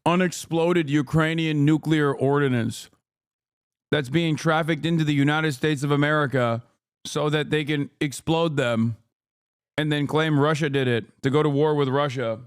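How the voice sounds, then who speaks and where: This streamer, a man in his thirties, fires off profane, combative political rants at his live chat. His smooth voice sits on the high side, steady in tone and normal in speed.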